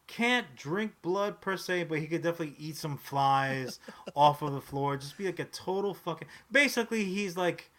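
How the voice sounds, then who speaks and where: Bright-voiced animated man joking around. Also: on the high side, normal speed, hardly any pauses. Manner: animated, breaks into silly impressions. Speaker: podcast co-host. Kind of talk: casual comedic banter. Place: recording with camera, live to tape.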